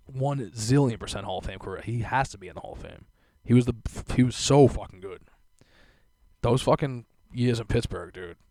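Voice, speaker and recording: A man's voice: fairly low pitch, no echo. A young man hosting a podcast, telling a profane, laughing rant in casual chat, close to a dry mic. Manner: laughing, profane, animated storytelling.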